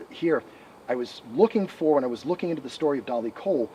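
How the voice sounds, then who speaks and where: A man who researches the paranormal, telling ghost stories in an animated interview outdoors by a rural road. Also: medium pitch. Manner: animated, quick storytelling. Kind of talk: storytelling interview. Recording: distant mic, outdoor traffic noise.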